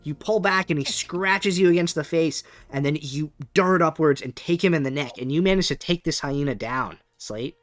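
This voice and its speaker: A man's voice: on the high side, normal speed, few pauses, a bit bright, dry recording. A man narrating a tabletop game as game master, rambling with many fillers. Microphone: webcam setup.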